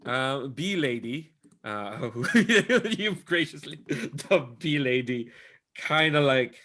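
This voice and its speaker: A man's voice: mid-range voice, expressive, slow, pushed and bright. A man running a tabletop game as game master, rambling with many fillers and laughing often. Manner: rambling, full of ums and likes, laughs often. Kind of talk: casual tabletop game narration.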